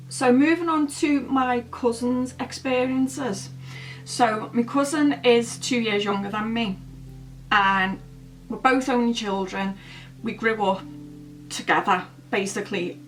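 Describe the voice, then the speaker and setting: A woman's voice: a little high, slow pace, far from the mic, faint music behind, poor audio. A woman telling a story casually while doing her makeup, rambling and chatty with many fillers. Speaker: beauty vlogger. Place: at home, indoors.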